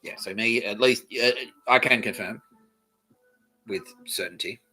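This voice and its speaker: A man's voice: on the low side, measured pace, pushed and bright, soft background music, poor audio. A man with an Australian accent hosting a comedy podcast, rambling through a crude, swearing, giggly monologue. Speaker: podcast host.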